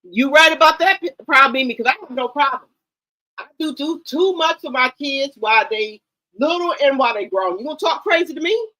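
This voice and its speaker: Middle-aged woman, livestream host, high voice, blunt and emphatic casual chat. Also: animated, moderate pace, sharp tone, low-quality recording. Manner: blunt, emphatic, repeats herself.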